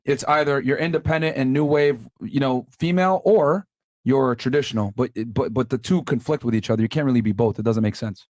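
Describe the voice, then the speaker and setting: A man's voice: medium pitch, a little fast, a little mellow. A man hosting a podcast, bluntly lecturing and talking over his guests in a debate. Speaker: podcast host. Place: podcast studio.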